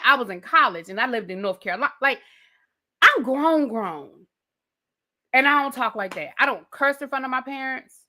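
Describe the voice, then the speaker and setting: A woman rants about a show in loose, casual talk. Her voice is bright and a little high, and she is blunt and sassy. She curses freely as she goes. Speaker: TV show reviewer. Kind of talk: casual ranting commentary.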